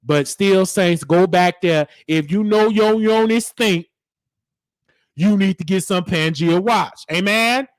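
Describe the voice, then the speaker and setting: A man's voice: high voice, takes it slowly, dry recording. A man delivering a comedic mock sermon in a preachy, scolding church cadence. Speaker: host.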